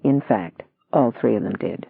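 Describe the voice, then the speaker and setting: A narrator reading a novel aloud in an even, measured way. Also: medium pitch, vocal fry, breathy edge, no room sound. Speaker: audiobook narrator. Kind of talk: scripted narration. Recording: dry tinny phone-like sound.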